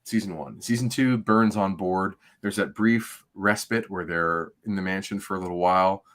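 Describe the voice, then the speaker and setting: This podcast co-host is a middle-aged man whose voice sits low with a bit of brightness, moving at a moderate pace. He chats casually on a livestream, rambling and relaxed, with plenty of filler words.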